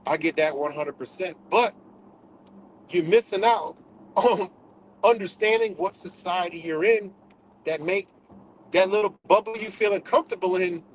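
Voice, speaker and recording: A man's voice: sits high, normal speed, long pauses, slight background noise, rough recording. A man hosting a livestream in a casual, profane rant, repeating himself for emphasis. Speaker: livestream host.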